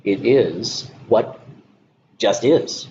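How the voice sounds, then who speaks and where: A man giving a Zen dharma talk, speaking in a halting way with many pauses and soft laughs. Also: lowish voice, lively intonation. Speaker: Zen teacher. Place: meditation hall. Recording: dull lo-fi recording with background noise.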